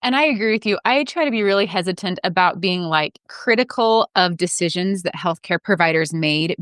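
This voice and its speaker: A woman's voice: medium pitch, dry recording. Woman, podcast host, reflective conversational talk, dry close recording. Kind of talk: podcast interview chat.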